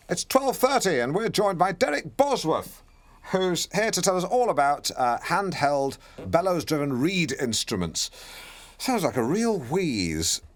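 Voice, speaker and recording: A man hosting a radio show, talking in a bumbling, awkward and self-important way. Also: lowish voice. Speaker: radio presenter. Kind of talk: comic radio presenting.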